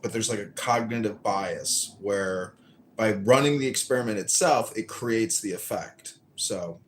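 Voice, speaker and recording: A fairly low-voiced man in a casual audio chat, musing on ideas and often stalling as he searches for the right words. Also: a little slow, slight background noise.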